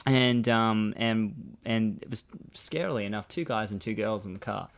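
A young Australian man with a low, gravelly voice tells a personal story in relaxed podcast chat. He restarts and repeats words often as he goes. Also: normal speed. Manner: conversational storytelling with many restarts. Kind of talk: casual chat. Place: Brisbane.

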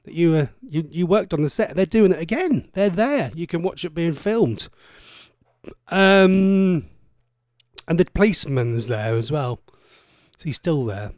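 A man's voice: fairly high pitch, animated, a little slow, pauses often, darkish tone, no echo, studio quality. A man presenting a radio show, chatting casually and cheekily, rambling and stumbling over his words as he reads out listener messages. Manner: chatty, cheeky and rambling, with frequent stammered restarts. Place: radio studio.

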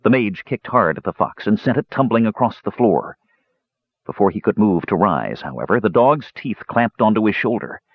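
Male audiobook narrator, low husky voice, lively pitch, dull dry recording. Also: dry recording. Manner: measured storytelling, lively pitch. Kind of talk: scripted fantasy narration.

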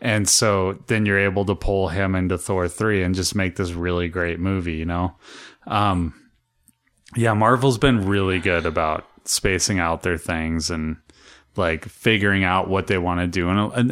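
A man's voice: deep voice, measured pace. A young man in casual podcast chat, rambling with lots of "like" and "you know". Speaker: podcast co-host.

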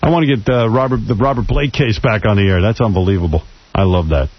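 A man's voice: fairly low pitch, quick pace, no echo. A male radio host, brash and teasing, running a call-in talk show. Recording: dull lo-fi radio audio.

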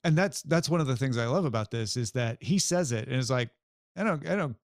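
A man hosting a relaxed talk about a TV series, thinking aloud and often restarting his sentences. His voice sits at an ordinary pitch. It is recorded dry and close, with no room sound. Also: a little fast, dry recording. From United States. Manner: thoughtful, hesitant restarts. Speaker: podcast host. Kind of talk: casual discussion of a TV series.

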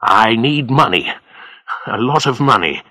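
A man's voice: mid-range voice, expressive, a little slow, bright, forceful tone, dry recording. A man voicing a nervous, desperate middle-aged man in trouble, pleading and urgent in a storybook reading. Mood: pleading, panicky. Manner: pleading, rising and shaking with panic.

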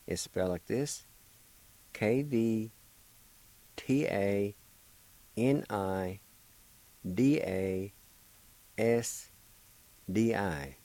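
With a fairly low, warm voice on a rough, dry recording, a radio host gives a Cherokee lesson. He proceeds slowly and patiently, breaking words into single syllables and cheering the listener on.

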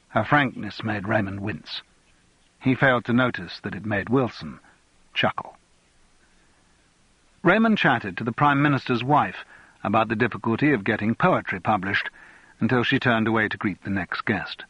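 A man narrating an audiobook in a measured, even storytelling manner. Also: medium pitch, breathy edge, no room sound, highs cut off.

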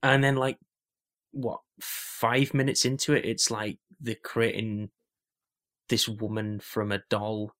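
Young guy co-hosting a podcast, lowish voice, rambly and chatty, lots of ums. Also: flat delivery, slow, a bit bright. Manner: rambling, chatty, many fillers and restarts. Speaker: podcast co-host. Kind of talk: casual chat.

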